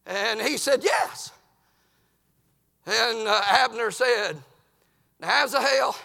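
Man, high voice, gravelly, animated sermon, breathless, big church. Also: takes it slowly, long pauses. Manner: Southern rural folksy preaching with fillers of "uh" and "amen". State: out of breath from running around. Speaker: preacher. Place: large church.

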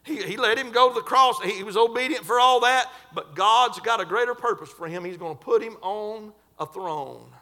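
A man preaching a sermon in a fervent, folksy way, stretching and shouting scripture lines. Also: sits high, moderate pace, few pauses. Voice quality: folksy, colloquial.

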